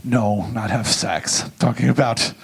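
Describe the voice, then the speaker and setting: A middle-aged man giving a comedic, profane keynote and telling a story with lively energy. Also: medium pitch, a little slow, vocal fry, breathy edge. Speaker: keynote speaker. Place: large event venue.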